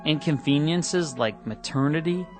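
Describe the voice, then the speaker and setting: A man's voice: fairly high pitch, a little slow, soft background music, natural voice. A man playing a frank, weary factory technician who talks in a plainspoken, exasperated way. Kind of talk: 1960s radio drama acting.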